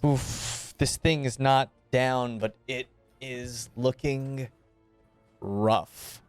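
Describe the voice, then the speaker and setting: A man narrating a tabletop game as game master in a calm, deliberate way. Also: medium pitch, clear, resonant tone, no echo. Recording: dry close mic with faint music.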